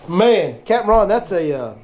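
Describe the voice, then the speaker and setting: Excitable high-voiced podcast host. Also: male voice, slow pace. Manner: laughs a lot, excitable. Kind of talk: casual podcast chat. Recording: dull lo-fi podcast audio.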